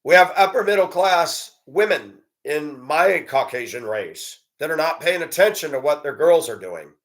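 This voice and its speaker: A man's voice: a little high, lively intonation, moderate pace, fairly bright tone. A man giving a blunt, profane, indignant monologue and telling a story about a run-in. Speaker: commentator. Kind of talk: ranting monologue.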